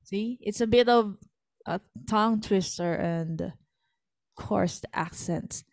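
A woman's voice: mid-range voice, slow, dry recording, clean studio sound, faint music behind. A woman teaching an online singing lesson over a video call, patiently coaching her student through a song's lines. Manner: patient, demonstrates lines by speaking and singing them.

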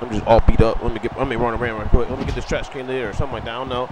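A man's voice: medium pitch, steady tone, very fast, poor audio. A man commentating a wrestling video game in a rowdy comedic way, yelping, cursing and groaning in mock pain. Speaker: gamer commentating a wrestling game as his character. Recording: loud crowd noise behind.

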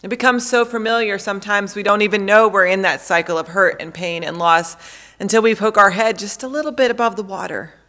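A woman in her thirties, a pastor preaching a sermon in a measured way, repeating phrases for emphasis. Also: medium pitch, steady tone, a bit bright.

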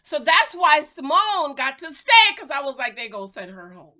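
A middle-aged woman giving a casual, sassy recap of a reality show and breaking into loud exclamations. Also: high-pitched, sing-song, moderate pace, lo-fi sound.

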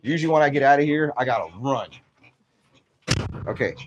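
A man vlogging outdoors while feeding his farm animals, excitable and out of breath, laughing and talking to the animals as he goes. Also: mid-range voice, a little fast, lo-fi sound, slight background noise.

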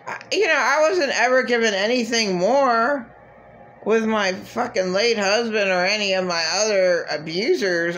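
A woman's voice: fairly low pitch, fairly bright tone, slight background noise. A woman vlogger venting in a rambling, agitated, profane monologue.

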